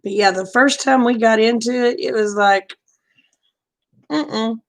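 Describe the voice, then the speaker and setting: A woman's voice: fairly high pitch, a little slow. Chatty, frank woman livestreaming. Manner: chatty and frank, laughs often, greets viewers by name. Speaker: livestream host chatting with viewers. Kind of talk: casual chat, storytelling.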